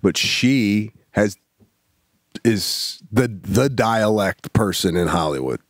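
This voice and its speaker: A man in his forties, a podcast co-host telling a story in a casual chat, animated and calling his friend "bro". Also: on the low side, slow, no echo, clean studio sound.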